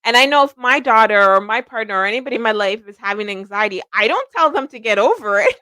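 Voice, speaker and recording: A woman's voice: fairly high pitch, lively intonation, fast, bright, forceful tone, no echo. Rambling middle-aged woman, livestream host. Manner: rambling, self-deprecating, laughs often. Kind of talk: casual livestream chat.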